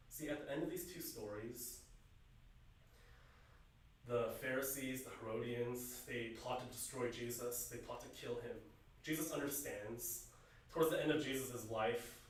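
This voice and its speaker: A man preaching a youth sermon in earnest, asking his listeners questions and swinging between loud emphasis and quiet, hushed lines. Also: mid-range voice, unhurried, pauses often, a little hiss or hum. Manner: asks the listeners repeated questions. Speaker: youth pastor. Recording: very echoey room, voice from some distance.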